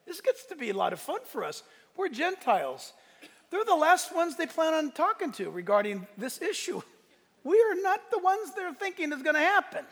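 A pastor preaching a sermon in a church, swinging between quiet asides and loud emphatic lines, with a congregation listening. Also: male voice, extremely high pitch, big pitch swings, normal speed. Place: church sanctuary. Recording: echoey church hall with congregation.

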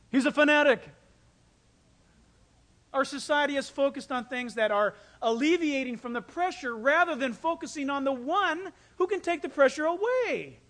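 A pastor preaching a sermon, telling stories with animated delivery and acting out quoted voices. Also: male voice, extremely high pitch, normal speed. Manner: animated storytelling, acts out quotes.

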